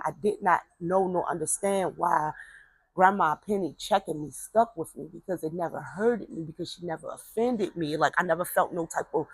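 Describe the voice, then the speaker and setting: Woman, gravelly, casual storytelling, fillers and restarts, dry close sound. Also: fairly low pitch, no room sound, low-quality recording. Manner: rambling, repeats words, frequent fillers; acts out voices of relatives in quotes.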